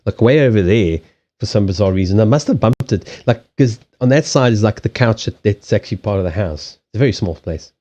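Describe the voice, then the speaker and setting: A man's voice: on the low side, lively intonation, a little fast, dark tone, highs cut off. A man chatting casually on a live stream from a desk in a small home, rambling through restarts and swearing freely. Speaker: live streamer and card reader. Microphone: desk microphone on a stand.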